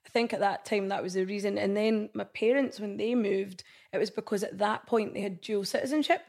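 A woman in her thirties with a Scottish accent, a podcast guest chatting casually, quick to laugh and full of "like". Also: mid-range voice, steady tone, vocal fry, a little mellow. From Scotland. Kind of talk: casual chat.

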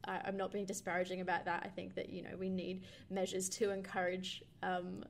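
A woman's voice: on the low side, completely flat delivery, fairly quick, creaky, slight background noise. A young woman co-hosting a podcast, talking through a film in a thoughtful, rambling way with many fillers. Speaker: podcast co-host. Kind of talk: casual film discussion.

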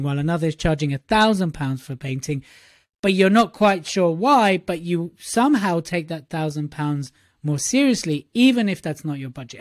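Animated man coaching speakers on a podcast. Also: a little high, no echo, clean studio sound. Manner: animated, acts out quoted voices, repeats himself. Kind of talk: casual podcast chat.

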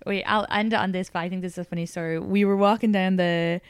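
A woman, hosting a casual podcast chat and telling stories with lively acted-out quotes. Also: quick pace, clear, resonant tone, no room sound. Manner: animated storyteller, acts out quotes in high voices. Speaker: podcast host.

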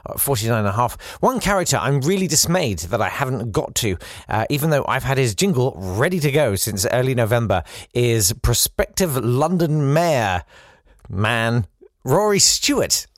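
A man's voice: medium pitch, very animated, normal speed, dry recording, clean studio sound. A man hosting a comedy show, delivering a rambling, sarcastic satirical monologue. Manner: wry, rambling, sarcastic asides. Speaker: comedy podcast host.

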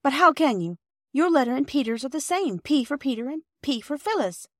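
A woman doing a shrill, squabbling little girl. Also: big pitch swings, a little fast, no room sound, clean studio sound. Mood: indignant. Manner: shrill and indignant.

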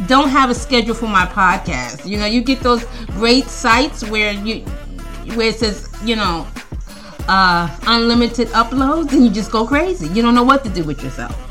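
A woman's voice: on the high side, a bit bright. A woman hosting a casual solo podcast, rambling and stammering with frequent laughter. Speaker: podcast host.

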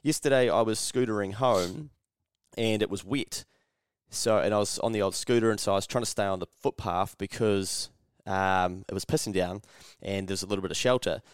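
A New Zealand man in casual podcast chat who swears freely and slips into other people's voices mid-story. His voice is smooth and resonant, recorded close and dry. He talks at an everyday pitch. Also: normal speed, dry recording. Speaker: podcast co-host.

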